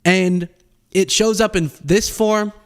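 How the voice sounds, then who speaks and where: A man's voice: slow, smooth. A young man hosting a casual political commentary show, telling stories and acting out the people in them. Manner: animated storytelling, acts out quoted people in high voices.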